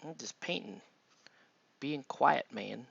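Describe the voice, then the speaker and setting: A man's voice: mid-range voice, expressive, slow pace, creaky, fairly bright tone, breathy edge, no echo, highs cut off. A man chatting casually on a live stream while he paints, murmuring half to himself and talking to viewers between brushstrokes.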